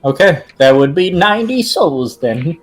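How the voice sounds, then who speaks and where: A man as game master of a tabletop game, talking casually, cursing freely and filling pauses with "uh" and "um". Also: a little high, sing-song, rough recording. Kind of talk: running a tabletop game over voice chat.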